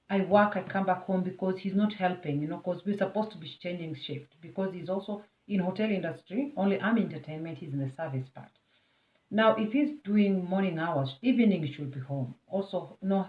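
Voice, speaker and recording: A woman's voice: fairly low pitch, brisk. Kenyan woman vlogger, storytime delivery, emphatic and chatty, addresses the viewer directly; phone-like sound. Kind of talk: storytime vlog. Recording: tinny, phone-like and roomy.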